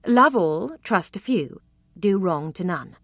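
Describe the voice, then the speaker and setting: A woman's voice: fairly low pitch, expressive, slow, a bit bright, no room sound, exaggerated voice. Teasing young regency lady voiced by a woman, coquettish, arch, dry close sound.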